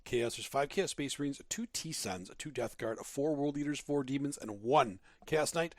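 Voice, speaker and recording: A man co-hosting a casual gaming podcast, excitable and joking in quick back-and-forth chat. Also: medium pitch, dry recording, studio quality. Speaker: co-host.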